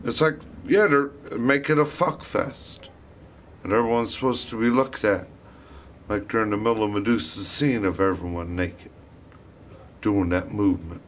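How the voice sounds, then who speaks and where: A man's voice: fairly low pitch, moderate pace, a little hiss or hum. A man ranting in a rambling, disjointed way, swearing constantly as he talks to camera. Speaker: vlogger. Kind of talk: rambling profane rant to camera.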